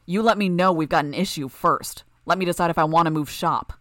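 A woman's voice: fairly low pitch, fairly quick, fairly bright tone, no echo, studio quality, lightly acted. A woman narrator voicing a violent, snarling male villain, growling and menacing.

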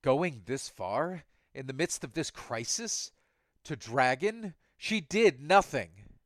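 A man's voice: mid-range voice, expressive, slow, no echo, studio quality. A man voicing a grieving male cyborg hero who speaks in a tense, wounded, accusing way. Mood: indignant.

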